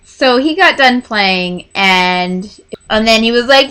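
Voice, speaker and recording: A woman's voice: a little high, measured pace, clean tone. A woman in her twenties casually telling a story, acting out what people said. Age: 20s. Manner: animated, acts out dialogue with quoted voices. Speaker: vlogger.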